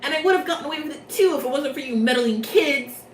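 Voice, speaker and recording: A woman's voice: high voice, fast talker, a little hiss or hum, lightly acted. A woman voicing a sulky, hot-tempered young male student prince, whiny and melodramatic, in an echoey room. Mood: grumbling. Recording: echoey room, mic far off.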